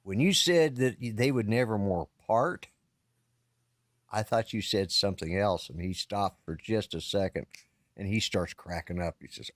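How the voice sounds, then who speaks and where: A fairly low-pitched man talks at normal speed, with clean studio sound and no room sound, via a live-stream call setup. He's a middle-aged or older podcast co-host who rambles through an extended story casually, stopping and restarting along the way.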